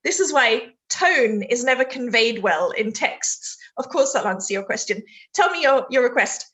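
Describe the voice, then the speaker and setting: British female tutor, high-pitched and chatty, live online essay feedback. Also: expressive, moderate pace, a bit bright. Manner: chatty, laughs easily, reads chat aloud mid-sentence. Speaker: IELTS teacher.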